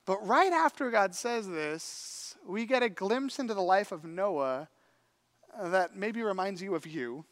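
A man preaching a sermon, telling a story in an animated, conversational way with acted-out quotes. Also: high voice, unhurried. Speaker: pastor.

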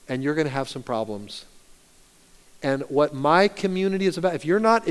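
A pastor preaching a sermon, animated storytelling that swings from loud to hushed. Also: male voice, on the high side, clear, resonant tone. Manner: animated storytelling, rising loud and dropping soft. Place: church sanctuary. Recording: long reverb of a church hall.

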